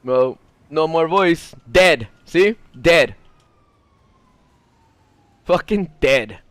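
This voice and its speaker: A male streamer talks low and mumbly while he plays, throwing in casual swearing as he answers chat. His pitch wanders widely, and the sound is close and dry, with no room in it. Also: animated, drawn-out words, fairly bright tone, dry recording.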